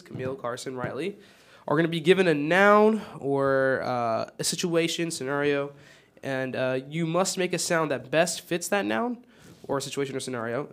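A young man hosting a casual student podcast, upbeat and playful, often laughing. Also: a little high. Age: young adult. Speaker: podcast host.

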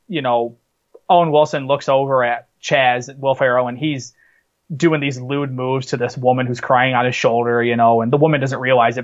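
Chatty animated man, muffled audio. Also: medium pitch. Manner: animated storyteller, many fillers and restarts. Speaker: podcast co-host. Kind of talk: casual chat, movie countdown.

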